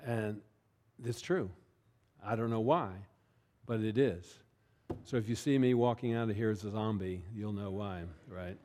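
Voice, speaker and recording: A man preaching a sermon as pastor, talking in a conversational way, often checking in with listeners and slowing down to stress key words. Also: on the low side, a little mellow.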